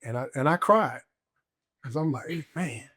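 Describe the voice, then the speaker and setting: A man's voice: on the high side, expressive, unhurried, fairly bright tone, husky. A man, a guest on a podcast, telling a personal story in a casual, emphatic way and acting out his own past thoughts.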